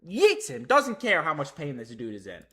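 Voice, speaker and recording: Man, live comic read-along, hyped, profane, bright forceful voice, slightly high. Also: normal speed. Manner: hyped, profane, excited reacting. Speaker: streamer reading a manga chapter.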